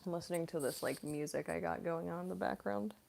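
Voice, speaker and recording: Young woman streamer rambling through a chat q&a, kinda low voice, lots of "like". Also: fairly quick, gravelly, a little mellow, slight background noise. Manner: chatty, rambling, heavy use of "like" fillers. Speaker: voice actress and streamer. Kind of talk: casual livestream Q&A chat.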